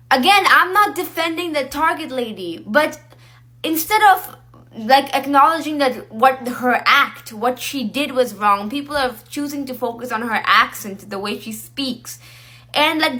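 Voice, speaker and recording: Bright, high-voiced indignant woman. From South Asian American. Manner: indignant, emphatic. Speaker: commentator. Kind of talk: opinion commentary video.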